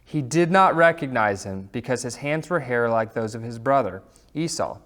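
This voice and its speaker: A male Sunday school teacher in a casual, chatty lesson. He reads the passage aloud and breaks off with relaxed asides full of fillers, with a voice of middling pitch. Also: moderate pace.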